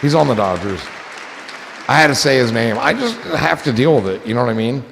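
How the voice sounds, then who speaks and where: A man hosting a loose livestream chat, his gravelly voice swinging up and down as he rambles, jokes and swears. His voice carries a long echo. Music and crowd noise play clearly behind him. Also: medium pitch, big pitch swings, brisk, fairly bright tone. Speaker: livestream host. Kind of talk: casual chat.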